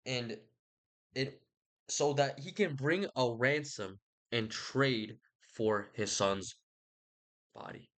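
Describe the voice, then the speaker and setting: A man voicing the king of the gods, who gives orders in a slow, measured way. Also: medium pitch, fairly bright tone. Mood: commanding.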